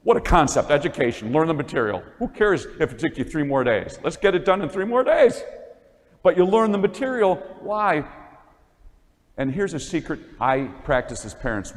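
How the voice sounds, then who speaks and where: Male speaker addressing parents in a church, lively storytelling, voice ringing in a big reverberant hall. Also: mid-range voice. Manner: animated, acts out classroom dialogue. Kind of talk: motivational talk with storytelling.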